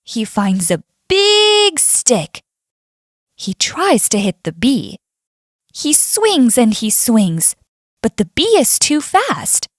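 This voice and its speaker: A woman narrating a children's fable in an expressive read-aloud style. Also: fairly high pitch, takes it slowly, no room sound, clean studio sound. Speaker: storyteller. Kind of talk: scripted storybook narration.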